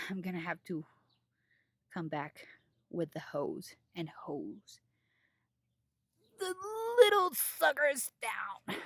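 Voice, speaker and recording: A woman's voice: lowish voice, no echo. A woman giving a casual garden tour in her vlog, giddy and giggly, outdoors in her home garden. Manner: giddy, giggly, over-excited. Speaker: gardening vlogger.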